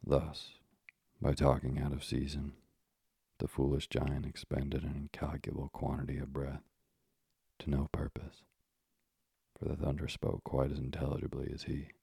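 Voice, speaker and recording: A man narrating a classic storybook in a measured, old-fashioned manner, with moralizing asides. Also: very deep voice, monotone, vocal fry, mellow, breathy edge, no echo, studio quality.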